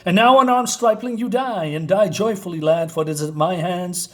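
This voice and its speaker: A man's voice: high-pitched, moderate pace, a bit bright, voice pushed up. A man reading out a grand, cruel villainess. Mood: proclaiming.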